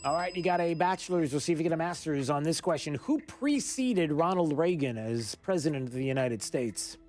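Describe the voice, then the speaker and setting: A man hosting a talk radio show, running a quiz with a caller and chatting in a halting way full of fillers. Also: on the high side, darkish tone.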